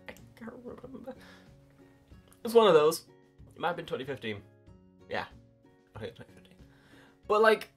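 A young adult in their early twenties, chatting casually to camera in a rambling, self-mocking way with casual swearing. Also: medium pitch. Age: early 20s. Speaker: YouTuber. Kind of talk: casual vlog chat.

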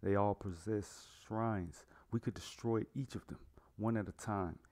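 A man reading as a grieving salesman turned avenger, a low male voice that sinks into choked, breathy whispers. The storybook voice stays plain and close to the reader's own. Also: fairly even intonation, a little slow, lightly acted. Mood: resolute. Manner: breaks into choked, quiet sobbing whispers.

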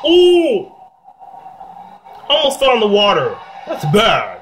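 A man giving playful gameplay commentary, excitable and yelling insults at other drivers. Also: sits high, normal speed. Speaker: gameplay channel host. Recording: noisy background ambience.

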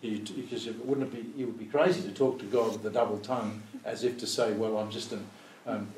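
A man teaching an informal Bible study, thinking out loud and tossing rhetorical questions at his listeners. He slips into acted-out quotes of prayers now and then. His voice carries through a roomy, echoing space, picked up from some distance with a faint hum of ambience. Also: lowish voice, steady tone, fast talker.

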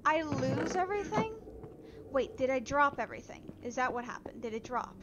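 A woman streaming a game, talking to herself and repeating words in quick strings, with bursts of frustrated outcries. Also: high voice, lively intonation, lo-fi sound, heavy background noise. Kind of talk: casual live-stream gameplay commentary. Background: loud music.

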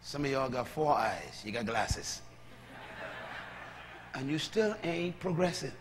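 A man preaching a sermon as a pastor, moving from calm teaching to loud, shouted preaching. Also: medium pitch, takes it slowly, slight background noise. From Bahamas. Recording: long hall reverb.

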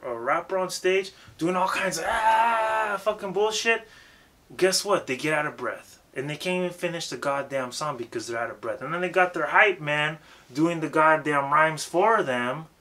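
A man's voice: fairly high pitch, normal speed, pushed and bright, a little hiss or hum. A man giving a casual, emphatic lesson on rapping and stage presence, swearing freely and repeating himself for emphasis. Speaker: rap coach.

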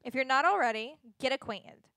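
A woman's voice: high-pitched, lively intonation, brisk, bright, forceful tone, no echo, heavily acted. A woman voicing a stern but playful female exam proctor who is an older sister, reading in a dry, mock-stern way. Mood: brisk.

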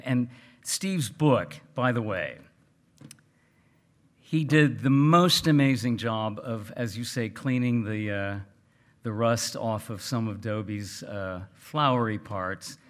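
A man from South Texas, speaking earnestly to an audience at a book event, halting and full of fillers. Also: mid-range voice. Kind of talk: casual remarks to an audience.

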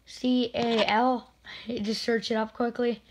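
A woman hockey video creator giving excited spin-the-wheel commentary with indignant outbursts. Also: a little high, takes it slowly, slight background noise, low-quality recording.

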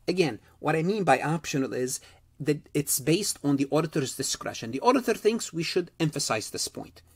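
A man's voice: on the high side, slightly rough. A man giving a recorded accounting lecture, stressing key points and repeating them.

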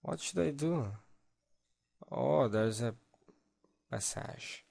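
A man's voice: medium pitch, animated, extremely slow, creaky, darkish tone. A man giving casual game commentary, playful, exclaiming and talking to himself as he plays. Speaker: let's play gamer.

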